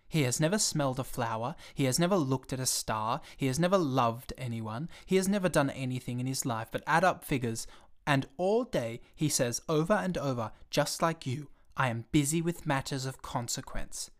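A man's voice: mid-range voice, expressive, moderate pace, lightly acted. A man voicing a small, earnest and stubborn boy prince in a storybook reading, asking questions and growing indignant when upset.

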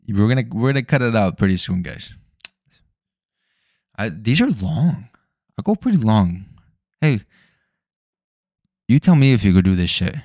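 Laid-back young man with a deep voice. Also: lively intonation, measured pace, pauses often, darkish tone, no room sound, clean studio sound. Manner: loose, rambling, swears often. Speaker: podcast host. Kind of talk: casual solo podcast chat. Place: home room at night.

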